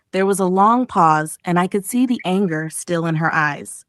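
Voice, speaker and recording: A woman's voice: moderate pace, clear, resonant tone, no room sound, clean studio sound. A woman reading short emotional stories for English learners, giving each quoted line its own feeling. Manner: reads paragraph titles, then acts out quoted lines with raised pitch. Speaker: English lesson reader. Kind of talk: expressive story reading.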